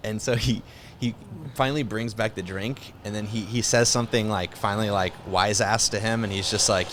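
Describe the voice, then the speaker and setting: A young man co-hosting a film podcast, telling movie scenes in a loose, profane, animated way. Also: on the low side, fairly quick, slight background noise. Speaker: podcast co-host. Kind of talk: casual chat.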